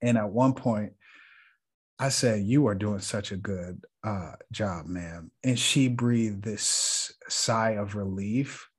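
A man's voice: on the low side, takes it slowly, slightly rough. A man co-hosting a podcast, telling a story in an earnest, reflective way and laughing often. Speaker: podcast co-host. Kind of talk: casual storytelling chat.

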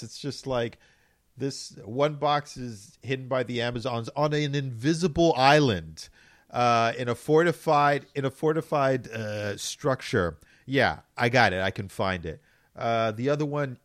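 A man chatting casually about a movie, talking slowly and laughing often. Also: mid-range voice, no room sound, clean studio sound. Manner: slow, drawn-out, laughs a lot. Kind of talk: casual podcast movie chat.

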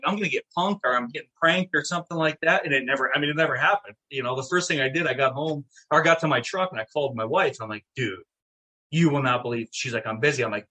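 A middle-aged man telling a story in casual chat, animated and swearing, acting out what people said. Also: mid-range voice, quick pace. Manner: animated, swearing, acts out quotes. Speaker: guest, town mayor.

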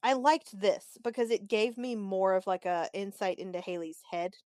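A woman co-hosting a casual podcast, recapping a TV episode in a chatty, animated way and acting out the characters' lines. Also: medium pitch, moderate pace, no room sound, studio quality. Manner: chatty and animated, acts out quoted lines, openly annoyed. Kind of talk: casual chat.

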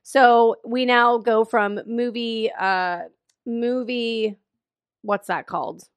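A woman with a slightly high voice chats her way through a movie recap, loose and full of fillers. A bit of a frog sits in her throat. The sound is dry and close. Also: steady tone, slow, clear, resonant tone, no room sound. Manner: chatty, laughs often, lots of "like" and fillers. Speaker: podcast co-host. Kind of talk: casual chat recapping a movie. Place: cold room at home.

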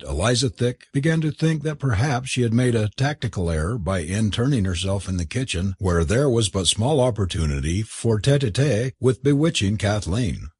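Male audiobook narrator, husky voice, lively pitch, dry close sound. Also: dry recording. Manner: expressive, measured storytelling.

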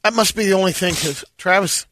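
A man's voice: high voice, fairly quick, sharp tone, a little hiss or hum. A man co-hosting a sports talk show who chimes in with short asides.

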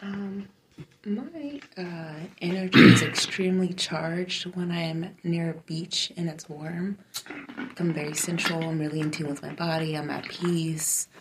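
A woman's voice: lowish voice, unhurried, background noise. A woman co-hosting a podcast in casual chat, filling her talk with "like" and "you know" and laughing easily.

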